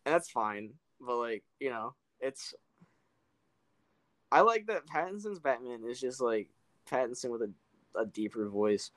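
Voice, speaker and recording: A young man in casual podcast chat, animated and loose, with plenty of "like" and cursing. His voice sits at a middle pitch. The recording is dry and close, with no room sound. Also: measured pace, long pauses, dry recording, poor audio. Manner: animated, swears freely, lots of "like". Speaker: podcast co-host.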